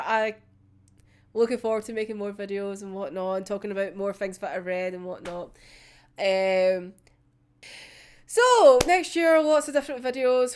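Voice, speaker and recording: A woman's voice: fairly high pitch, clear, resonant tone. A young woman chatting casually to her viewers in a vlog, laughing often and swearing now and then. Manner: uses local words like wee and yous. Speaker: YouTube creator.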